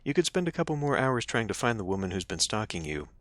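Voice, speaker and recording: A man's voice: fairly low pitch, big pitch swings, quick pace, fairly bright tone, no echo. A man playing a story game, reading its narration aloud and breaking off into casual joking asides. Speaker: let's play streamer.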